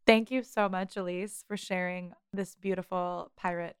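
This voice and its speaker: Woman podcast cohost, smooth voice, dry close sound, deadpan jokes. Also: fairly low pitch, normal speed, no echo. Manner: dry, playful humor. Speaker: podcast co-host. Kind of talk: casual chat.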